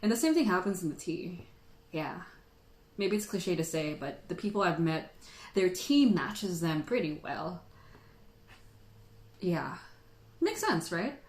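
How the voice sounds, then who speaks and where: A woman's voice: fairly low pitch, animated, unhurried, pauses often, darkish tone. Chatty woman in a roomy echo. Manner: rambling, chatty, laughs often. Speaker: tea livestream host. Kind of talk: casual livestream chat.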